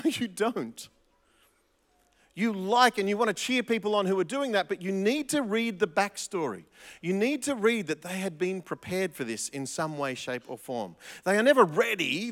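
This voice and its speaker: A fairly high-voiced man preaching with a lively, swooping delivery, often restarting and repeating himself for emphasis. His voice rings out with a long hall reverb around it. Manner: animated, with frequent restarts and emphatic repetition. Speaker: pastor. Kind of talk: sermon.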